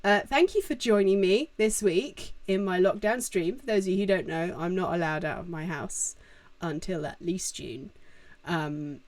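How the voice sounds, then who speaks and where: A woman's voice: on the low side, a little mellow. A young woman hosting a casual live-stream Q&A from a room at home, chatting with viewers and using many fillers.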